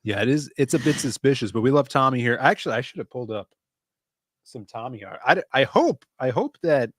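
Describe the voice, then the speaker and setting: A man's voice: medium pitch, animated, a little fast, no room sound, studio quality. Rambling livestream co-host, a man. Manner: loose, rambling, greets the chat by name. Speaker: podcast co-host. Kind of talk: casual livestream chat.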